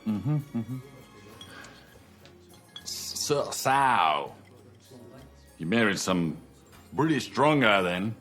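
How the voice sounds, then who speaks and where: A brash fake Australian bloke. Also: male voice, lowish voice, big pitch swings, moderate pace, husky, soft background music, heavily acted. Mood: boastful. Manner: loud, boastful, full of slang. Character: husband putting on a bad loudmouth Australian act. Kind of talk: sitcom acting.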